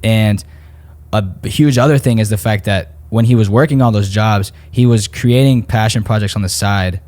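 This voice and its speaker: A male podcast co-host walking through takeaways in a relaxed, rambling way. His voice sits somewhat low, and his tone stays conversational. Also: normal speed. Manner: explanatory, rambling, laid-back. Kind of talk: casual podcast chat.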